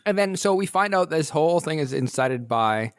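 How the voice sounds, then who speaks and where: A man's voice: fairly high pitch, animated, moderate pace, smooth, dry recording. Guy recapping a movie on a podcast, dead dry mic, matter of fact. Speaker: podcast co-host. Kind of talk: casual movie review chat.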